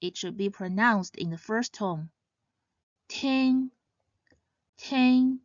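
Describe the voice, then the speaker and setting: A woman teaching Mandarin pronunciation in scripted narration, saying each example syllable louder and higher. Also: normal speed, dry recording. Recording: slightly dull, dry sound.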